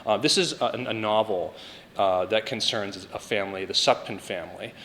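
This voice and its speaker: A man explains literature in a loose, halting way, full of fillers and restarts. His voice is bright and forward, a little low for a man, and it sits in a room with long reverb and a faint hiss. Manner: halting, many fillers and repeated words. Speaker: podcast co-host, literature teacher. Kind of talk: casual academic discussion.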